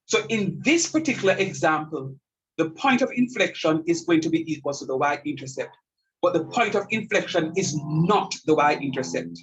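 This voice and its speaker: A man's voice: on the high side, lively intonation, normal speed, a bit bright, slightly rough, highs cut off. A middle-aged man teaching a calculus lecture, repeating key points with emphasis and checking that students follow. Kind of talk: classroom math lecture.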